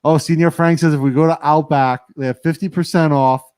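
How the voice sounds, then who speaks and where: A man's voice: a little high, steady tone, a little fast, darkish tone, clear, resonant tone, no room sound. A man co-hosting a casual studio livestream, joking, laughing often and reading viewer comments aloud. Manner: joking, laughs often, mimics accents in quotes. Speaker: livestream co-host.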